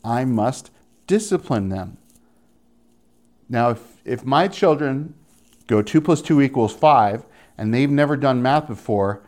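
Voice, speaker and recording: A young man preaching a sermon in an animated way, acting out the voices of the people he quotes. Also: mid-range voice, slow, pauses often.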